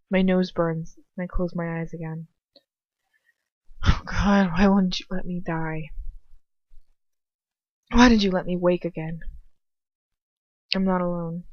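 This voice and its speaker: A woman's voice: on the low side, dry recording. A young woman reading first-person fan fiction with emotion, now and then breaking off for casual asides, in a dry, slightly dull home recording. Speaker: amateur audiobook reader.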